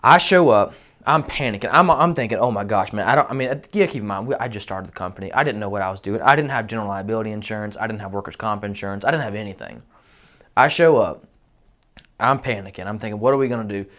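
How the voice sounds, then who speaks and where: A roofing company owner, telling a personal story in a candid, animated, self-deprecating way. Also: male voice, on the low side, fast. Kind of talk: casual storytelling.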